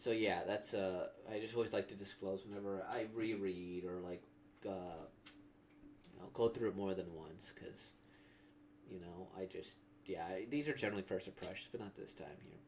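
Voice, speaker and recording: A man's voice: low-pitched, normal speed, darkish tone, a little hiss or hum. A man reacting to a comic he has just read, talking casually in a rambling way full of fillers. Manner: rambling, filler-heavy talk. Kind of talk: casual commentary.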